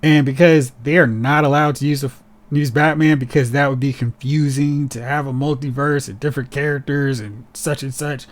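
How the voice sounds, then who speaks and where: A man hosting a podcast in casual chat, animated and sarcastic, mocking characters as he talks. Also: medium pitch, normal speed. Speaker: podcast host.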